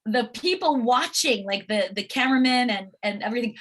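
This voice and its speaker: Middle-aged woman, high-pitched, animated, chatty, lots of fillers. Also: fairly quick. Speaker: actress guest. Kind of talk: casual interview anecdotes.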